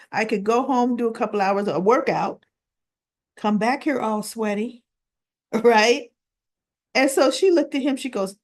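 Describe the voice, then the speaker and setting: A woman talking through a soap episode at an unhurried, drawn-out pace. Her pitch sits in an ordinary middle range. She chats casually, acts out each character's lines, and keeps checking in with "right?". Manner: chatty retelling of scenes, frequent "right?" and "she goes". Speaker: soap opera recap vlogger. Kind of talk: casual recap chat.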